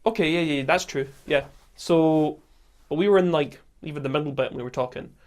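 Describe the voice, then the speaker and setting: Speaking a little fast at a fairly high pitch, a podcast host with a Scottish accent recounts a camping trip. He laughs a lot, stays casual and animated, and acts out what people said.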